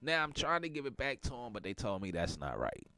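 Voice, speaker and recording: A man's voice: medium pitch, very animated, a little fast, sharp tone, no room sound. A middle-aged man with a stuffy nose from a cold, hosting a casual morning talk show in a playful, teasing way. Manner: playful, teasing, laughs a lot. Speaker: podcast host.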